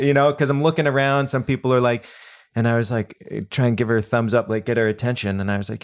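A man's voice: medium pitch, rapid-fire. A man who teaches breathwork, telling a story in a casual podcast chat, full of restarts and fillers. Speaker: breathwork instructor.

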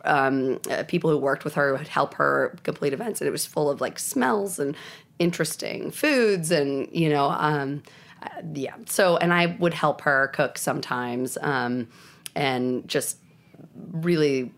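A woman's voice: low-pitched, gravelly. A woman chef in her thirties, talking casually in an interview, chatty and laughing often. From born in South Carolina, raised in New Jersey. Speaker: chef and restaurant owner, interview guest.

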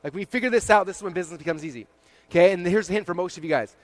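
Fast-talking, energetic male motivational speaker. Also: sits high, dry recording. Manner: energetic, checks in with listeners with "okay?" and "right?"; heavy use of "like" as a filler. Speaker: speaker presenting to a live audience. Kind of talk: motivational keynote talk.

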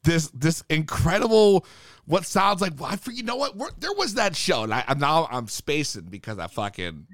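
A man hosting a casual stoner podcast, talking in a loose, profane, animated way. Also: a little high, normal speed, no echo, clean studio sound. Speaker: podcast host.

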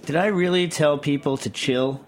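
A man's voice: fairly high pitch, moderate pace, over loud music. Rambling, ranting male podcast host. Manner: rambling, ranting, self-deprecating, lots of fillers. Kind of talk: casual chat.

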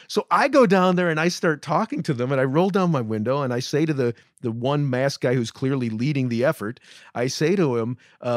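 A man's voice: medium pitch, brisk, no echo, clean studio sound. A man co-hosting a podcast, telling a road story in a casual, self-deprecating way with many restarts. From United States. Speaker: podcast co-host.

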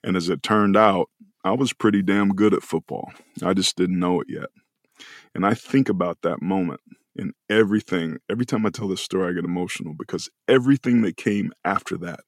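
A man in his forties with a very low voice, sharing a personal story as a podcast guest. He speaks earnestly and lets the weight of key moments slow him down, and the sound is dry and close. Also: no room sound.

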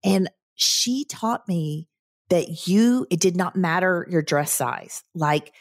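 A woman in her fifties speaks as an interview guest, recounting events earnestly and vividly. Her voice sits low. The recording is dry and close, with no room around it. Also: animated, slow, no echo. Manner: earnest, vivid recounting with quoted inner thoughts. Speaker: guest, credit union CEO. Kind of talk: personal storytelling in a podcast interview.

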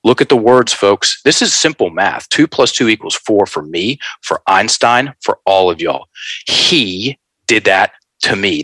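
A man telling a story in an animated, folksy way, calling his listeners folks. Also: fairly low pitch, no room sound, low-quality recording. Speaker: guest.

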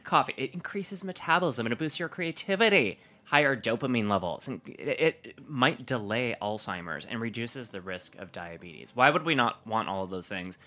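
Man chatting with a bright forceful voice. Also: medium pitch, normal speed, hardly any pauses. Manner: rambling, animated, restarts sentences. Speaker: podcast co-host. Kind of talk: casual chat.

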